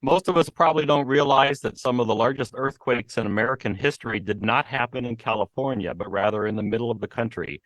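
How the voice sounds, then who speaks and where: A man of middle pitch runs a podcast interview, asking questions in a friendly, chatty way with plenty of fillers. His voice is close and dry, with no echo. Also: fast talker, few pauses, fairly bright tone. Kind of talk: casual interview.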